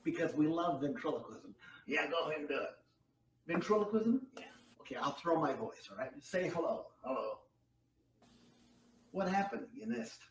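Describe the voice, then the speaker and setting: A man performing a comedy ventriloquism act, telling stories in an upbeat, encouraging way. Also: fairly high pitch. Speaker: guest ventriloquist. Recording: echoey room, distant mic, faint noise.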